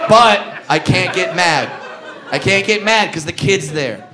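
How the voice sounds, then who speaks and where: A man performing a stand-up comedy routine, profane and animated, shouting his punchlines. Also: sits high, fairly quick, noisy background.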